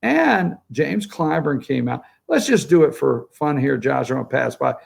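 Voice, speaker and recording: A man's voice: mid-range voice, animated, moderate pace, gravelly, slightly rough. A middle-aged man hosting a political morning talk show, rambling and sarcastic as he talks straight to viewers. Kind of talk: opinionated morning show commentary.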